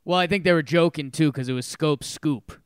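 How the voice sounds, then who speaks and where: A man co-hosting a casual sports podcast, chatty and full of quick asides. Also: on the high side, smooth, no echo, studio quality. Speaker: podcast co-host.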